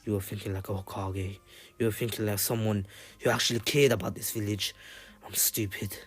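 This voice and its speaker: A man's voice: lowish voice, steady tone, fairly quick, husky. A man voicing a remorseful female ninja leader. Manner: apologetic, self-blaming.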